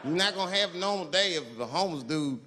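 A man doing a stand-up comedy routine, telling a story and shouting out the people in it. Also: high-pitched, fast talker, background noise. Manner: animated storytelling with shouted voices. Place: comedy club stage. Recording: echoey club with crowd laughter.

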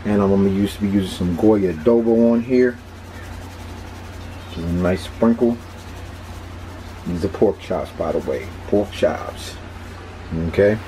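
A man with a Philadelphia accent talks his way through cooking in a loose, chatty vlog manner, often circling back to the same phrase. His voice sits on the low side. Steady background noise runs under the recording. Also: unhurried, pauses often, rough recording. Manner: laid-back, chatty, repeats himself. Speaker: cooking vlogger.

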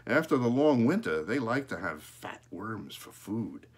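Lively low-voiced man reading a storybook. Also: husky. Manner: animated, pausing to point at pictures. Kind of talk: reading a children's book aloud.

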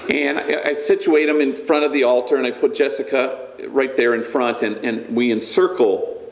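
A man's voice: mid-range voice, fairly even intonation, moderate pace, creaky, roomy sound, a little hiss or hum. A man, a priest, giving a storytelling lecture with humor and frequent restarts. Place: lecture hall.

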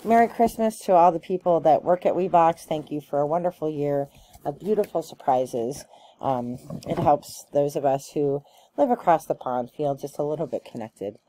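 A woman chatting casually through a gift box unboxing, gushing and excitable, with plenty of ums and likes. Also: low voice, normal speed. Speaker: unboxing vlogger.

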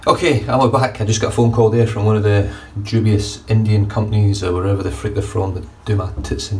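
A wet-shaving vlogger in an indoor bathroom gives a casual, blunt, sweary shave review. His voice is fairly low and flat, brisk with hardly any pauses. A distant mic picks up faint room noise.

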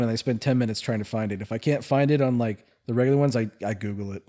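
A young man from California talks loosely on a podcast, wandering through anecdotes and breaking into laughter as he goes. His voice sits at an ordinary middle pitch, relaxed and conversational. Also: fast talker. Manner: chatty, laughs often, rambling storyteller. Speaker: podcast co-host. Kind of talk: casual chat.

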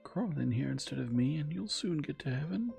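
A cheerful young trickster voiced by a man who chatters eagerly and brags about his luck. The voice is pushed up higher than the reader's own, yet stays gravelly underneath. A bedtime storybook reading with faint music behind. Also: animated, fairly quick, mellow. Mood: pleading.

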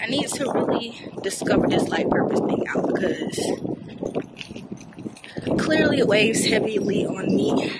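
A woman's voice: fairly high pitch, very noisy. A young woman vlogging casually, rambling candidly and emotionally and sometimes talking to herself. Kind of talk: casual reflective vlog chat.

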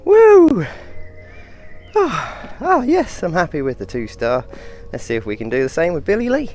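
Excitable high-voiced gamer. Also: male voice, brisk. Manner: excitable, with sudden whoops and exclamations between calm remarks. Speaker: gaming video host. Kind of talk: casual gameplay commentary. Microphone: personal mic. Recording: game music playing behind.

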